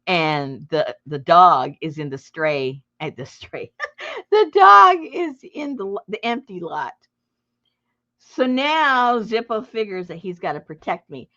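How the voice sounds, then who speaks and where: A middle-aged woman with a low, gravelly voice tells a story to her viewers in a casual way. Her pitch swings widely as she acts out the scenes, with bursts of laughter and shouting. The recording is dull and lo-fi. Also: takes it slowly. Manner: animated, breaks into laughter and loud acted outbursts. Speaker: junk journal crafter and channel host.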